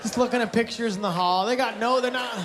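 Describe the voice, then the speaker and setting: Over background noise, a very high-pitched male voice rattles along fast. It belongs to a comedian from Canada, Canadian accent and all, bluntly and sarcastically ribbing the crowd at a large venue where the audience keeps laughing.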